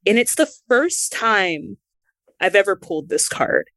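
A woman, a former pro wrestler, telling her story candidly in an interview, lively and acting out the voices of the people she quotes. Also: medium pitch, measured pace, no room sound. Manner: animated, acts out quoted voices, laughs between lines.

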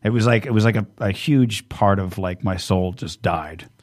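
A man hosting a podcast in casual chat, rambling and animated, swearing freely. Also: sits low, moderate pace. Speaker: podcast host.

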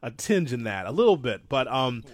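A man co-hosting a wrestling talk show, rambling and animated, calling himself an old-school fan. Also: mid-range voice, moderate pace, dry recording. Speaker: podcast co-host.

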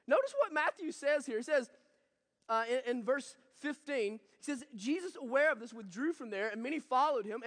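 Pastor guy preaching, really high voice, lively and jokey, echo hanging in a big church. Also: gravelly. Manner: animated, conversational, joking asides. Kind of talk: sermon. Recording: long reverb from a hall.

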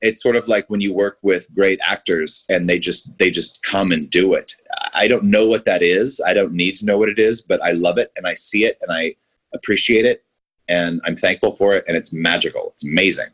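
A man's voice: low voice, brisk, fairly bright tone, breathy edge. A male filmmaker chatting enthusiastically in an interview, rambling with frequent restarts. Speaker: filmmaker guest. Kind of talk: casual podcast interview.

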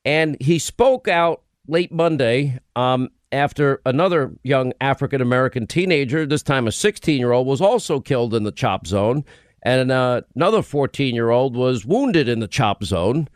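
A man's voice: mid-range voice, expressive, normal speed, no echo, studio quality. A man hosting a radio talk show, delivering an emphatic, impassioned monologue full of restarts. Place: radio studio. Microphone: studio microphone.

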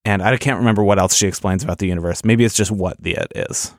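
A man's voice: fairly low pitch, fast talker, no echo, clean studio sound. A man co-hosting a casual film discussion, thoughtful and hesitant, with many restarts. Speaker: podcast co-host.

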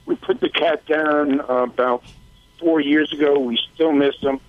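A man's voice: on the high side, fairly even intonation, moderate pace, phone-quality sound, slight background noise. A male caller to a radio show, telling an emotional story with many halts and restarts. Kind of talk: phone call telling a story.

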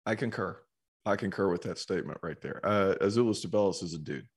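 A man talking college basketball as an analyst on a casual sports podcast, telling stories in a relaxed way. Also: sits low, quick pace, husky. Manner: relaxed storytelling, animated when quoting others.

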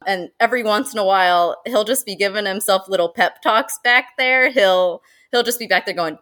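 A woman who manages zoo education, guesting on a podcast, talking in a lively way and laughing often. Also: medium pitch, brisk, few pauses. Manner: animated and chatty, laughs often, uses many fillers. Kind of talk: casual podcast interview.

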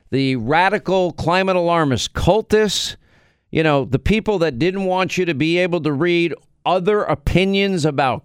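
Smooth-voiced male talk radio host. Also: a little high, no echo, studio quality. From United States. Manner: emphatic, conversational, frequent restarts.

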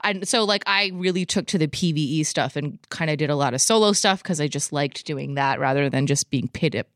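A woman podcast host in casual chat, rambling and animated, with lots of "like". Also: low-pitched, fairly quick, dry recording, clean studio sound.

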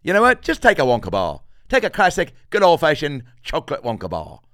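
Dude doing a rude mocking candy shop guy, pitched up and punchy. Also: wildly swooping pitch, brisk, fairly bright tone, no echo, clean studio sound. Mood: generous. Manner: mocking, sneering. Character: crude rude male candy store clerk.

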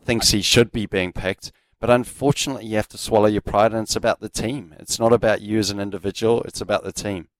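A man talks sport on the radio in a reflective, easygoing way and laughs easily. His voice sits on the low side. The studio sound is dry and close. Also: steady tone, quick pace, few pauses, no room sound, poor audio. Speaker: radio co-host. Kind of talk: casual sports radio chat.

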